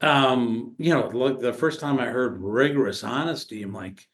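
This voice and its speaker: A man as a podcast guest, telling stories casually, halting and restarting often, with animated retellings. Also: medium pitch. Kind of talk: casual storytelling conversation.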